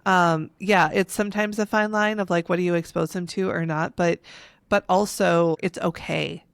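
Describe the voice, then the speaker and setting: Gravelly low woman, measured talk. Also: steady tone, no echo, studio quality. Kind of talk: casual chat.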